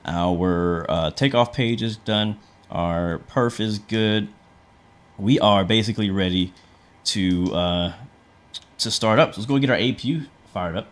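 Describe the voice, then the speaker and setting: Low-voiced man casually streaming a flight sim. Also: unhurried. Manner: chatty, talks through each step, answers chat; frequent fillers and restarts. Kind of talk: casual livestream commentary.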